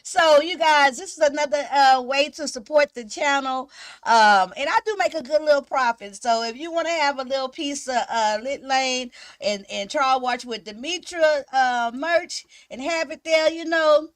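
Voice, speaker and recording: A woman hosting a casual livestream, chatting with viewers in a giggly, animated way. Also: high-pitched, moderate pace, no room sound. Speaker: livestream host. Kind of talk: casual live-stream chat.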